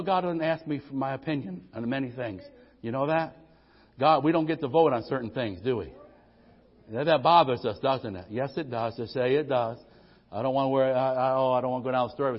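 A man preaching a sermon, swinging between loud, drawn-out proclamations and quick conversational asides to the congregation. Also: medium pitch, big-room sound, dull audio. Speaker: pastor.

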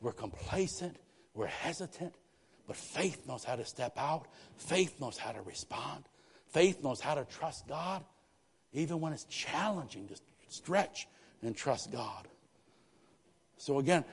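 A man as a pastor preaching an emphatic sermon, repeating phrases and swinging between quiet and loud. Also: a little high, lively intonation, measured pace, breathy edge.

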